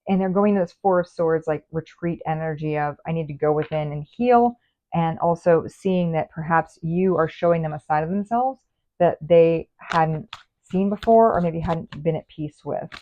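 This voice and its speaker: Chatty woman reading oracle cards, talks right to viewer, kinda low voice, thin tinny audio. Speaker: tarot reader. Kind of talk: casual tarot reading to camera. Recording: phone-like narrow sound.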